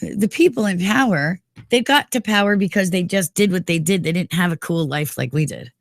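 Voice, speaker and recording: Brief: woman in her forties, radio morning co-host, gravelly edge, dry studio sound, emphatic and opinionated. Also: on the low side, moderate pace, dry recording. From New York. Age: 40s. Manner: opinionated, emphatic, sprinkled with "you know". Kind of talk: casual talk radio chat. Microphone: studio mic.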